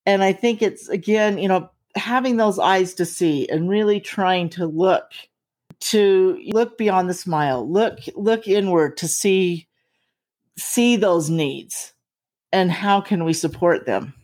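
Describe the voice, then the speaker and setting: A woman hosting a casual conversation, speaking in a slow, reflective, heartfelt way. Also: lowish voice, a little mellow.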